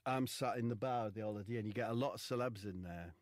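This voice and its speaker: A man's voice: fairly low pitch, fast talker, dry recording. A man telling a comic story as a podcast co-host. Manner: animated, lots of voices.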